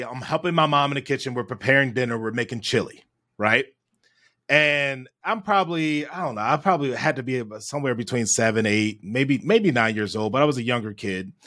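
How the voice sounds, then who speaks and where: A man telling a childhood story in a podcast chat, animated and often tagging his sentences with "right?". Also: mid-range voice. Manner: animated storyteller, frequent "right?" tag questions. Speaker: guest.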